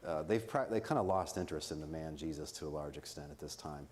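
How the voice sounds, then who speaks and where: A man's voice: very deep voice, fast, noisy background. A man giving an informal academic talk at a conference, explaining ideas in plain, conversational terms with asides and jokes. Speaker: conference speaker. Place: conference venue.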